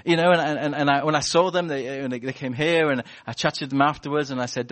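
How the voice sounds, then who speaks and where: A man preaching a sermon in a church, animated and chatty, telling stories and acting out voices. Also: fairly high pitch, quick pace, few pauses. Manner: animated, storytelling with acted-out voices.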